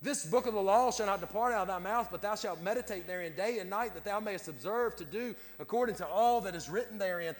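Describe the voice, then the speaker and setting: In a church sanctuary with long hall reverb, a man with a high, slightly bright voice preaches a folksy sermon. He repeats words, stammers into restarts, and uses plain Southern-style country grammar.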